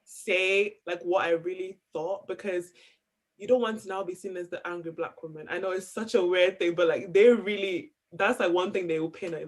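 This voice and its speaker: A woman's voice: fairly low pitch, fairly even intonation, moderate pace. A young woman on a panel, speaking reflectively and casually, using "like" constantly. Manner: reflective, heavy use of "like".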